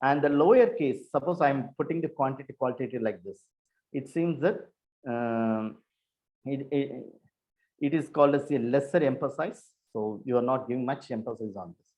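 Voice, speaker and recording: Male lecturer on a video call, mid-pitched, halting and repetitive delivery with frequent self-corrections. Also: a little mellow. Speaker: university lecturer. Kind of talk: online lecture on research methods.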